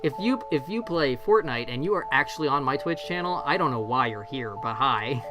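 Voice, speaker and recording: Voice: medium pitch, lively intonation, normal speed, over music. A streamer in their forties, chatting casually and self-deprecatingly from a bedroom, swearing freely and laughing often. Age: 40s. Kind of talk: casual live-stream chat.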